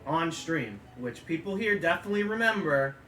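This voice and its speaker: A man's voice: a little high, animated, normal speed, pushed and bright. A man dropping in on a stream, bantering with dry, teasing remarks. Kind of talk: casual banter. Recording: roomy, with music behind.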